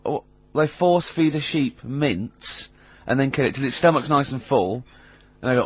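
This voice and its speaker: A man's voice: mid-range voice, animated, normal speed, hardly any pauses, husky. A man hosting a comedy radio show, mocking and storytelling with lots of giggling. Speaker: radio host. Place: radio studio. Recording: slightly dull radio studio sound.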